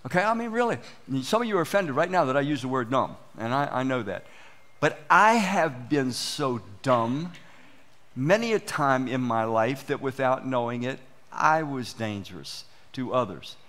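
Lively man preaching a sermon. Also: mid-range voice, moderate pace. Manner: animated storytelling, acts out quoted exchanges. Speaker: pastor. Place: church.

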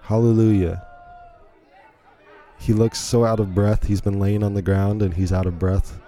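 A man's voice: on the low side, level tone, unhurried, dark tone, some chatter behind. A man hosting a podcast, giving incredulous, rambling play-by-play commentary on a video in a casual way. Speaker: podcast host.

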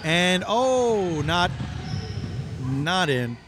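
Male guest color commentator, slightly higher voice, dry humor, noisy outdoor court. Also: very animated, drawn-out words. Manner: dry, playful riffing. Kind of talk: comedic basketball commentary.

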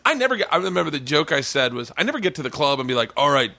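A man's voice: fairly high pitch, rapid-fire, creaky, no room sound. A man hosting a casual podcast chat in a man cave, telling stories and acting out the other people in them. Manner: animated storyteller acting out quotes. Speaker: podcast host. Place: home basement man cave.

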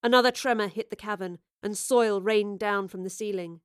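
A woman reads fantasy prose aloud with a steady, expressive storyteller's delivery, her voice in the middle of the usual pitch range. The recording is dry and close, with no room sound. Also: moderate pace, smooth, no room sound. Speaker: audiobook narrator. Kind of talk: scripted narration.

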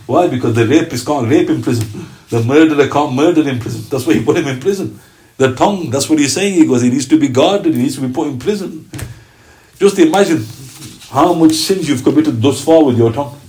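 A man delivers a religious lecture. His voice sits fairly high for a man. He tells stories with energy and slips into the voices of the people he quotes. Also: brisk, rough recording. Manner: animated storytelling, acts out quoted voices. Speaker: Islamic teacher.

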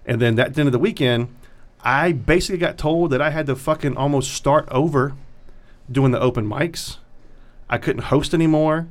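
A man, a comedian, telling a long story in casual chat, profane and animated as he acts out what others said. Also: fairly high pitch, moderate pace.

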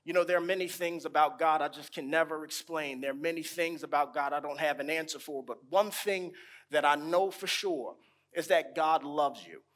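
A man preaching a sermon, pausing dramatically and drawing out key words, building emphasis on repeated phrases. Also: fairly high pitch, fairly bright tone. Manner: slow, dramatic pauses, stretched key words.

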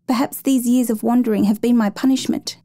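Lady reading as a sad refugee widow, soft earnest voice, a bit higher, mellow. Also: fairly even intonation, a little fast, no room sound, natural voice. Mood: sorrowful. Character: grieving Viennese woman refugee, proud, tender.

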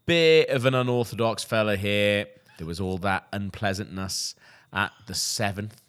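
Deep-voiced deadpan man. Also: normal speed, smooth. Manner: deadpan mock-serious delivery with frequent ums. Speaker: podcast co-host. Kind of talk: comedic casual chat.

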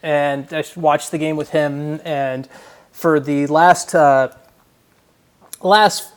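A man's voice: a little high, steady tone, takes it slowly, smooth. A man, a guest reporter, telling a story in casual podcast talk, rambling with restarts and laughing along.

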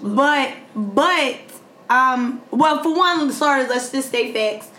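A woman co-hosting a podcast, chatting casually, animated and laughing, swearing freely. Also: sits high, slow pace, reverberant, a little hiss or hum. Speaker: podcast co-host. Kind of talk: casual chat.

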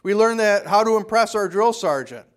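A man preaching a sermon, telling a story from his own time in the army and lowering his voice to quote a drill sergeant. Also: expressive, normal speed. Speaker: pastor.

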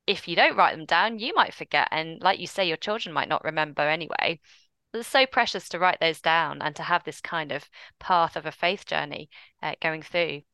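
Bright, crisp woman podcast host. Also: on the low side, no echo. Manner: gentle, affirming, asks reflective questions. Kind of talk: podcast interview.

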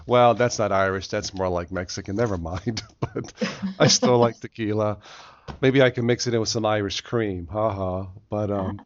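Joking podcast host man, low voice. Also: fairly even intonation, normal speed, lo-fi sound, a little hiss or hum. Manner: jokey, rambling, laughs often. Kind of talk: casual chat.

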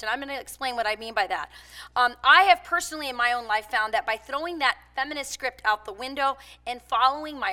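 Bright-voiced woman giving a talk. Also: a little high. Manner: conversational, frequent fillers. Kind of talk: public speech with personal anecdotes.

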